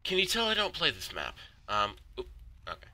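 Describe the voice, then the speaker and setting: A teenage boy giving live commentary over shooter gameplay, excitable, yelping and swearing at the game, with jokey mock-dramatic asides. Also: medium pitch, fairly quick. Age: teens. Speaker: gaming YouTuber.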